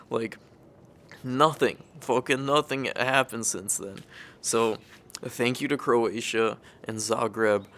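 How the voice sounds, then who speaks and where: A man's voice: medium pitch, fairly even intonation, a little slow, fairly bright tone. A young man from California tells a story in a laid-back, casual way, swearing freely and laughing often as he goes. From California, United States. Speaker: vlogger.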